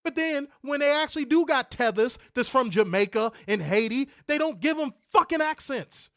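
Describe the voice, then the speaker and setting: High-voiced man ranting in exasperation. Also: expressive, normal speed, a bit bright, no room sound, clean studio sound. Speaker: co-host of wrestling review show. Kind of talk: casual podcast commentary.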